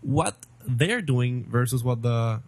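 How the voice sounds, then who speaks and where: A man co-hosting a casual tech podcast, opinionated and quick with banter. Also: medium pitch, animated, darkish tone, no room sound. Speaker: podcast co-host.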